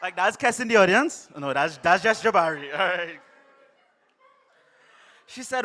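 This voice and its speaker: A man's voice: sits high, animated, a little slow, pauses often, sharp tone. A young man with a Trinidadian accent performing comic slam poetry on a live stage, theatrical and punchy with heavy alliteration. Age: young adult. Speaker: spoken word poet.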